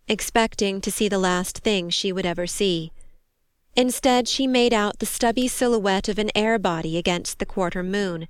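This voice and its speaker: A woman reading a war story aloud in steady, measured scripted narration. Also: mid-range voice, smooth, no room sound, clean studio sound. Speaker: audiobook narrator.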